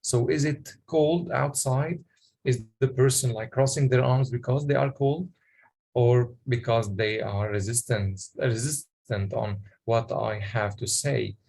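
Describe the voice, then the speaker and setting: A man presenting a workshop, explaining in a halting way with many pauses and questions to the audience. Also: mid-range voice, vocal fry, a little mellow.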